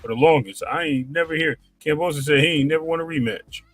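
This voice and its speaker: A man co-hosting a boxing talk stream in casual slang, firing quick questions and backing the host up. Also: on the high side, fairly bright tone, breathy edge, faint music behind.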